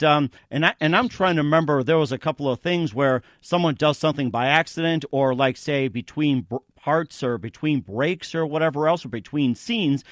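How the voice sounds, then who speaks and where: A man hosting a radio talk show, chatting casually with guests in a rambling, halting way. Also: medium pitch, no room sound, clean studio sound. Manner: rambling, halting with repeated starts. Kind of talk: casual interview chat.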